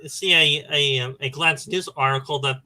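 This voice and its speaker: A man with a fairly high, bright voice co-hosting a casual live stream. He often stumbles and restarts his words. The sound is dry and close. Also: fairly even intonation, normal speed, no room sound, low-quality recording. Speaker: co-host. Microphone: remote call on a streaming panel.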